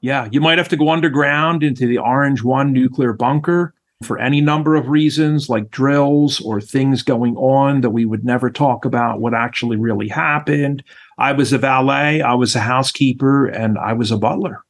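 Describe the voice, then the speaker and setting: A middle-aged man, a former chef and interview guest, telling stories in an animated way and acting out voices. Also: mid-range voice, normal speed. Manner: animated storyteller, acts out voices. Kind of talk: storytelling interview chat.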